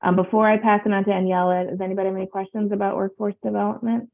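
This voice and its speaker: A woman chairing a public board meeting on a video call, speaking in a measured way with frequent fillers. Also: medium pitch, level tone, vocal fry. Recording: tinny phone-like line.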